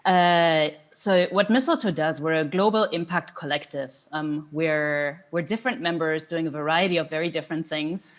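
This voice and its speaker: Low-voiced woman on a video call. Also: moderate pace, few pauses. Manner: relaxed, conversational, frequent ums. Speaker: panelist, network director. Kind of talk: panel talk.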